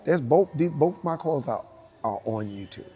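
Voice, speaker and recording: A man with a New York accent, speaking to young dancers and telling animated stories with repeated emphasis and acted-out quotes. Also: fairly high pitch, normal speed, soft background music. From United States. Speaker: guest dancer speaking to students. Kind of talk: casual storytelling talk.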